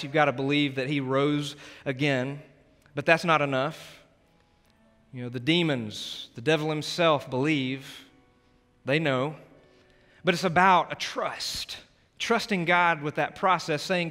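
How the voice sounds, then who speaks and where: A male pastor giving an altar call in a church, earnest and pleading, shifting between loud urging and hushed prayer. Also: a little high, normal speed. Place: church sanctuary. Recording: long church hall reverb with soft music.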